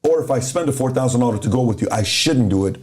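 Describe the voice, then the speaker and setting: A man talks through a motivational point in a casual podcast chat. His voice is mellow and warm at an ordinary middle pitch. He tells it like a story and lays out each point in turn, one, two, three. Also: animated, fast. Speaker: podcast host.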